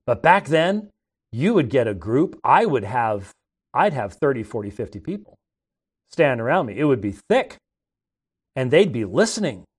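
A man's voice: medium pitch, sing-song, normal speed, breathy edge. Middle-aged man telling rambling stories. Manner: rambling and conversational, with frequent restarts. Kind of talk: casual anecdotal storytelling.

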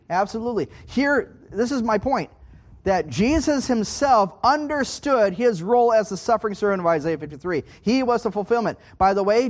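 A man giving a Bible teaching sermon in an emphatic way, repeating key points and checking in with his listeners. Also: high voice. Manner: emphatic, repeating key phrases and asking "okay?". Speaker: preacher.

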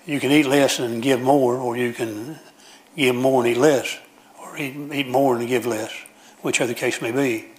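A man's voice: mid-range voice, fairly even intonation, normal speed. Folksy male preacher mid-sermon. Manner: folksy storytelling with frequent restarts and repetition.

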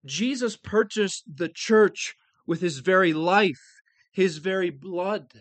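A man preaching a sermon, earnest and emphatic, leaning on key words with slow stressed phrases. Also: high voice, no room sound.

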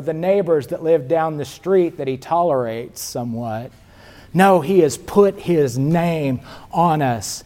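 A man preaching a sermon as a guest preacher, slow and emphatic, repeating key words for weight. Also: on the high side, warm tone. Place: church sanctuary. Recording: long reverb of a church hall.

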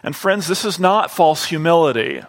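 A man preaching a sermon to his congregation, drawing out key phrases slowly and deliberately. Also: fairly high pitch, lively intonation, vocal fry, in a large hall.

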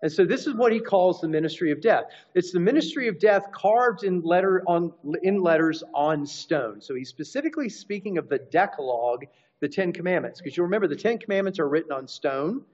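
A man's voice: high-pitched, lively intonation, fairly quick, darkish tone. A man preaching a teaching sermon, explaining scripture and restarting phrases as he goes. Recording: dull lo-fi recording.

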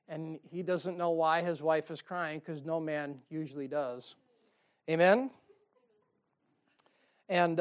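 A male pastor preaching a sermon to a church congregation, joking and calling out "Amen?", swinging between loud and quiet. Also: on the high side, smooth. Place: church service.

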